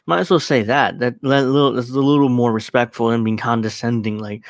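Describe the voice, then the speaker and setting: A man's voice: medium pitch, fairly quick, creaky, few pauses, no room sound. A young man hosting his show, casually commenting on clips in a mocking, profane way and laughing often. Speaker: host.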